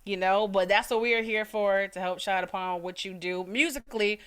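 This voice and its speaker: Smooth-voiced woman interviewer. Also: medium pitch, steady tone, moderate pace, fairly bright tone. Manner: encouraging, frequent short acknowledgements. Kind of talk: casual interview.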